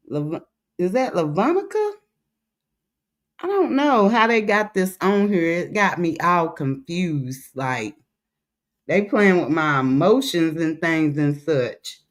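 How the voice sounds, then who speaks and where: A woman's voice: on the low side, fairly bright tone. A woman running a casual livestream, loose and chatty. She calls out viewers' names in a raised sing-song tone. In between she talks bluntly and rambles, with plenty of filler words. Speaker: livestream host.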